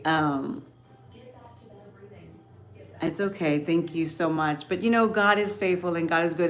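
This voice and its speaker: A middle-aged woman from Texas hosting a livestream, talking emotionally and haltingly to her viewers with many restarts. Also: fairly low pitch. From Texas, Rio Grande Valley. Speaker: livestream host. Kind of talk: casual chat with viewers.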